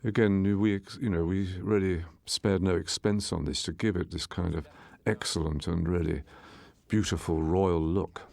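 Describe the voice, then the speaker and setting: A man, the film's director, giving a measured, explanatory audio commentary with small restarts as he walks through scenes. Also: deep voice, steady tone, gravelly, a little mellow. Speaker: film director.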